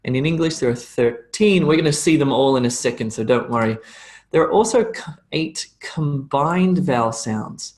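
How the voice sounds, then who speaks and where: A man's voice: mid-range voice, moderate pace, a little mellow. A man with a slight Australian accent teaches a live pronunciation class, joking now and then, checking in with "okay?", and repeating sounds over and over to demonstrate them. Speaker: English teacher.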